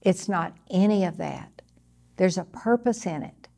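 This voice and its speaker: An older woman giving a conversational sermon, teaching earnestly from personal experience in a steady, plain way. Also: fairly low pitch, measured pace, gravelly. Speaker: Bible teacher.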